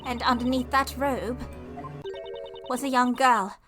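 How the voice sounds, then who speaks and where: A woman's voice: sits high, fairly even intonation, measured pace. A woman voicing an earnest young girl with solemn, old-fashioned phrasing in a game playthrough. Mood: accusing. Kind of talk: voicing game dialogue while streaming. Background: game music.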